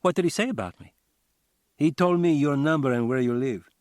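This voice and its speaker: A cagey Cuban man with a Cuban accent, posing as a magician over the phone, as an audiobook narrator puts him on. His phrasing is formal and halting, pitched above the narrator's own voice. The sound is dry and close. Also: a little mellow, no room sound, close to an everyday voice.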